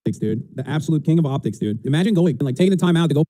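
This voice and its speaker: A man's voice: on the high side, lively intonation, rapid-fire, warm tone, no echo. A man streamer giving argumentative, sarcastic commentary on clips. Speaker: political streamer.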